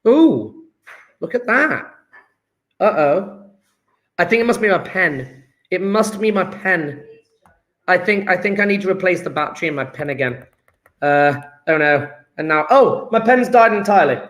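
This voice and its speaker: Man, high voice, upbeat teacher talking through chemistry sums for a live class. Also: lively intonation, normal speed, a bit bright. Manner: chatty, works through sums aloud, jokes with class. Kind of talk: live online lesson.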